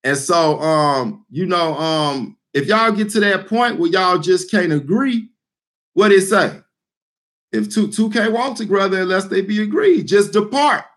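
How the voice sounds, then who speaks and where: A man's voice: high-pitched, a little slow, a bit bright. A man giving an informal scripture teaching, talking loosely and bluntly with lots of fillers and repeated words. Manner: blunt and emphatic. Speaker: street preacher.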